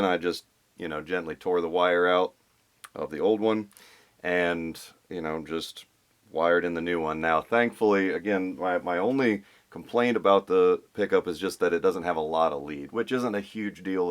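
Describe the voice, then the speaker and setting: Man, very deep voice, casual explanatory vlog talk, fillers and restarts. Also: moderate pace. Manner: thinks aloud, restarts with fillers. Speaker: guitar restorer.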